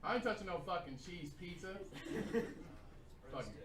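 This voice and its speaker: Male stand-up from Indiana, high lively voice, crude rambling delivery, distant roomy club recording. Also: normal speed, very noisy. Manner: crude, rambling storytelling with many fillers. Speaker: stand-up comedian. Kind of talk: stand-up comedy set. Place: small comedy club.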